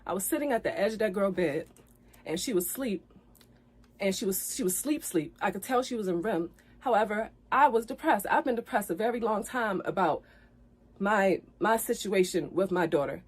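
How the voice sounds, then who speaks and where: A woman's voice: medium pitch, animated, normal speed, husky. Woman vlogger, emotional storytime: earnest, apologetic, repetitive, building to heated indignation, on the edge of tears. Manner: earnest, apologetic, repeats herself, grows heated. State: tearful at times. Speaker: vlogger telling her side of a breakup.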